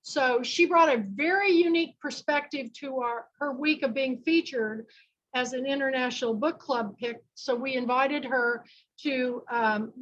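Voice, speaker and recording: A woman's voice: high voice, measured pace, fairly bright tone, muffled recording. A woman from Kansas hosting an online book club, chatting and making rambling announcements over a video call.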